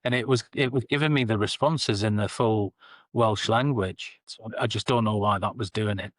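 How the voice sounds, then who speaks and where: A man's voice: on the low side, normal speed, no room sound. A middle-aged man with a Geordie accent, a guest in a casual interview, telling amused anecdotes about his work. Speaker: guest, sales and customer success director.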